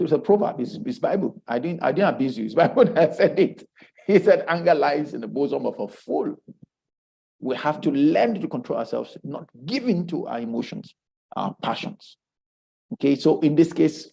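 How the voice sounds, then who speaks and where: Nigerian english guy teaching a marriage class, emphatic, kinda high gravelly voice, repeats himself a lot. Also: rough recording. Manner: animated, repeats words, emphatic rises.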